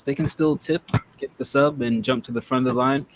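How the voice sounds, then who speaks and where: A man's voice: mid-range voice, steady tone, moderate pace, fairly bright tone. A man hosting a casual chat show, rambling and joking as he talks. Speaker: podcast host. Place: North Texas.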